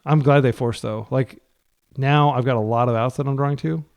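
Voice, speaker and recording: Playing an online card game, this channel host keeps up a casual running commentary in a medium-pitched, creaky voice at a fairly quick pace, on lo-fi audio. He turns excitable, begs his deck for good cards, and his voice leaps when frustration hits.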